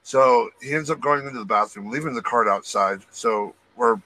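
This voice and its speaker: A man's voice: mid-range voice, normal speed, low-quality recording. A man telling a work story on a podcast in a casual, profane way, acting out the people he quotes. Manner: profane, animated, acts out quotes. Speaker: podcast co-host, retail loss prevention worker.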